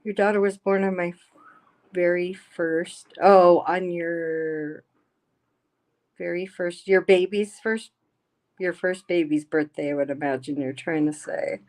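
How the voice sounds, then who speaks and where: A woman's voice: lowish voice, steady tone, unhurried, darkish tone. A woman hosting a casual livestream, reading the chat aloud and talking bluntly with plenty of swearing. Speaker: livestream host. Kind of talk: casual live-stream chat. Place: home.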